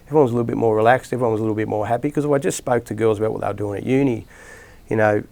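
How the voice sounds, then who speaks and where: Aussie footy coach, middle-aged man, low voice with some fry, chatty and rambling, full of restarts. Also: rapid-fire, a little mellow. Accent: Australian. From Australia. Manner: rambling anecdotes with many restarts and fillers. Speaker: rugby league coach, podcast guest. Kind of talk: casual storytelling interview.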